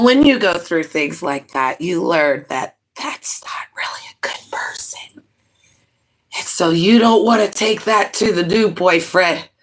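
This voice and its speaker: A woman hosts a casual livestream with an unhurried, drawn-out delivery. Her voice is bright and forward, and she tells her stories in a dramatic, rambling way. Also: fairly low pitch. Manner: dramatic, rambling storyteller with laughing asides. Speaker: livestream host.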